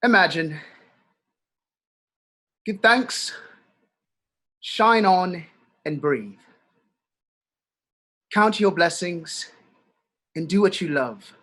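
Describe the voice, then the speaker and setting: Slow, bright-voiced earnest man. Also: high voice, expressive. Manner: slow, earnest, solemn recitation. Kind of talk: improvised comedy. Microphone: video call.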